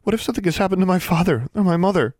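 A man's voice: on the low side, big pitch swings, quick pace, darkish tone, no echo, studio quality. A man voicing a timid, tearful young teenage schoolgirl with a small, shaky, pleading voice in a storybook reading. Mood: panicked.

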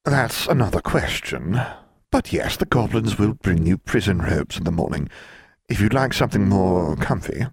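A man's voice: low-pitched, animated, moderate pace, slightly rough, no room sound, clean studio sound, full character voice. A man voicing a sly, mocking female prison warden with a serpent's tail, speaking in a languid drawl.

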